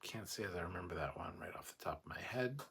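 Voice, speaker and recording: A man's voice: deep voice, lively intonation, fast, a bit bright, slightly rough. A man hosting a casual livestream, reading chat comments aloud and giving blunt, opinionated replies with plenty of swearing.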